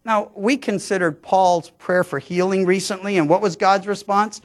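A man's voice: high-pitched, steady tone, moderate pace. A pastor giving a conversational verse-by-verse sermon, often restarting his sentences. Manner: conversational, frequent stammered restarts. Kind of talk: sermon, verse-by-verse Bible teaching.

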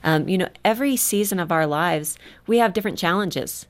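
A middle-aged woman with a slightly low voice tells a personal story with lots of life, laughing as she goes and acting out each person she quotes. She speaks as a guest in a relaxed faith conversation. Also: brisk. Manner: animated storyteller, laughs often, acts out quotes. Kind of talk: faith storytelling in casual talk.

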